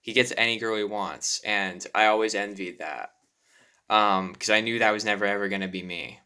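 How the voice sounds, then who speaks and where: Young man, nervous, halting, apologetic, smooth clear voice, confessional vlog. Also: fairly low pitch, bright, forceful tone. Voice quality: self-deprecating, apologetic. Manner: nervous, halting, many restarts and sighs. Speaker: YouTuber.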